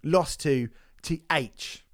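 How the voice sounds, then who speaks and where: A man's voice: fairly high pitch, extremely slow. A man co-hosting a podcast, ranting and swearing in casual chat. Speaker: podcast co-host.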